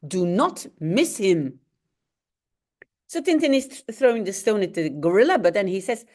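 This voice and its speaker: A woman from Belgium whose first language is Dutch, teaching by reading a comic aloud and translating it slowly, with sound effects. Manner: animated, explains slowly, adds sound effects like roars and booms.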